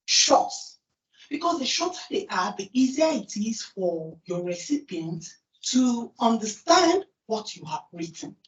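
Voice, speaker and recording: A woman with a Nigerian accent giving a lively conference talk, asking the audience questions and then answering them herself. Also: fairly high pitch, measured pace. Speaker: conference speaker. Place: large conference hall. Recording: distant, roomy, dull hall recording.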